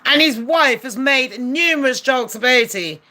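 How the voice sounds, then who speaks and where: Woman going off on a rant, high voice, swearing a lot, keeps asking "am i lying". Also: lively intonation, a little slow, sharp tone. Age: adult. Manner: blunt, profane, heated, rhetorical questions. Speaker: commentary vlogger. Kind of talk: opinionated rant to camera.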